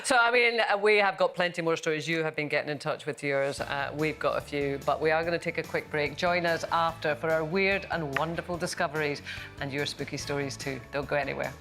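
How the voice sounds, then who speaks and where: A woman's voice: deep voice, a little fast, over music. A woman anchoring a daytime TV panel chat, telling stories and reading links to camera in a studio. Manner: bright storytelling, reads links to camera.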